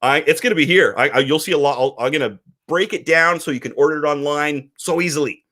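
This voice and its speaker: A man's voice: a little high, fast talker, sharp tone. A man co-hosting a casual podcast, talking animatedly and acting out quoted voices. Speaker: podcast co-host, comic publisher.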